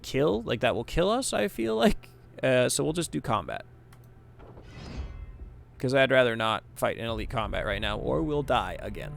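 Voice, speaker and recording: Man, gaming streamer, casual let's-play talk, reads game text aloud, heavy vocal fry, faint background music. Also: medium pitch, very animated, moderate pace.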